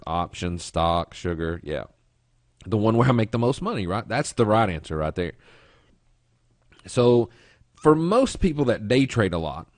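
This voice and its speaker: A man's voice: deep voice, no echo, clean studio sound. A middle-aged man teaching a trading lesson, telling folksy stories in a rambling way and often restarting his phrases. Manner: rambling storyteller, restarts phrases, quick asides. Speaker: trading instructor. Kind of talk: webinar lesson with folksy storytelling.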